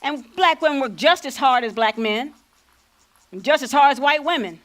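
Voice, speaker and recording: A woman's voice: sits high, animated, normal speed, a bit bright. A woman playing a spirited older freedom fighter on stage. She tells stories in a folksy vernacular, by turns playful and defiant. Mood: earnest. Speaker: lead actor. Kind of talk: stage acting.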